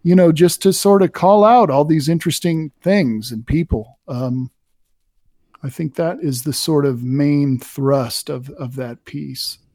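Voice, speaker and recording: A man speaks in a fairly high, mellow voice, thinking aloud about his poems. He wanders and restarts, leaning on fillers. The sound is dry and close. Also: a little slow, dry recording. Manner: thoughtful, rambling with many fillers and restarts. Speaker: poet guest. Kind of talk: casual conversation about poetry.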